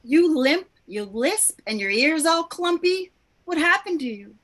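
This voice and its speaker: A chirpy, naive woman with no memory, as an actress plays her, speaking in a high voice that swoops around. She talks slowly and with wonder. It is a live play reading over a video call. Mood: blunt. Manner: bright, wondering, animated.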